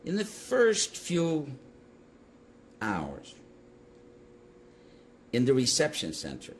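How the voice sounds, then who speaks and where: An older man telling his story in an interview, animated and halting, with restarts mid-sentence. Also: mid-range voice, a little hiss or hum. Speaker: Holocaust survivor giving testimony. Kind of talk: interview testimony.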